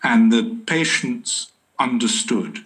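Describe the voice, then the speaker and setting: A man's voice: medium pitch, slow pace, a bit bright, low-quality recording. A man who worked as a prison doctor, a guest telling anecdotes in a wry, hesitant way and laughing often. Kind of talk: anecdotal interview answers.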